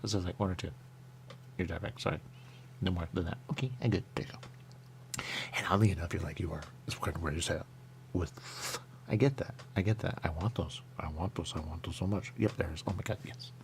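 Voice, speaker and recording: Rambling deep-voiced man with gravelly tone. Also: brisk, slight background noise. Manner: rambling, playful, jumps between thoughts. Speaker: radio show host. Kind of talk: rambling casual chat while tasting pastries.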